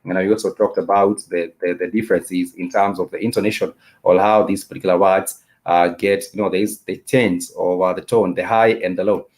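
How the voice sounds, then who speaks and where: Low-voiced man teaching a language class. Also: fairly even intonation. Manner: repetitive, explanatory, many "uh" and "you know" fillers; spells out letters and repeats words slowly. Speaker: Swahili teacher. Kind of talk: live-stream language lesson.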